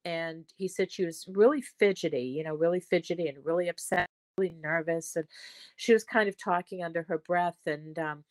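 A woman's voice: fairly low pitch, moderate pace, no echo. An older woman talking as a podcast guest, telling stories in a rambling way with frequent restarts. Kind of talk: conversational storytelling.

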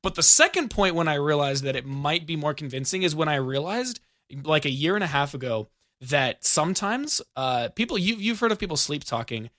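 A man's voice: fairly high pitch, animated, brisk, sharp tone, no room sound, clean studio sound. A young American man telling rambling stories in casual podcast chat, restarting sentences and giggling. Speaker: podcast co-host.

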